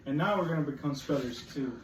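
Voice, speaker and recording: A woman's voice: deep voice, fast. A woman teacher leading a phonics lesson with young children, drilling words over and over in a coaxing way. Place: classroom. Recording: echoey classroom from far off, faint noise.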